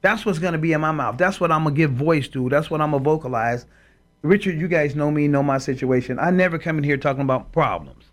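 Talking fast in a slightly high voice, a man co-hosting a Christian talk show speaks like a preacher, with emphasis and quotations from scripture, in a faith discussion.

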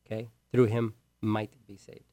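A man's voice: on the low side, completely flat delivery, measured pace, dry recording. Emphatic male preacher, dry sound. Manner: emphatic, repeats key words, swings between loud and hushed; asks the listeners direct questions. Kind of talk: sermon.

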